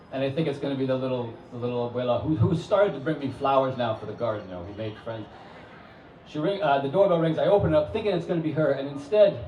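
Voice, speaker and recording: A man telling a true story live on stage, conversational, wry and animated. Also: medium pitch, echoey room, distant mic, slight background noise, low-quality recording. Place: stage before an audience.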